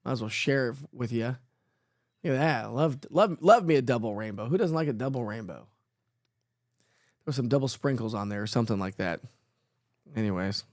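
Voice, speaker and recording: A playful man talks through a relaxed live weather show, chatting freely and teasing himself. His voice sits in an ordinary middle range. The sound is close and dry, with no room around it. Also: mid-range voice, normal speed, long pauses, dry recording. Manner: chatty, playful, self-joking, laughs often. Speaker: weather forecaster host. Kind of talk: casual live weather chat.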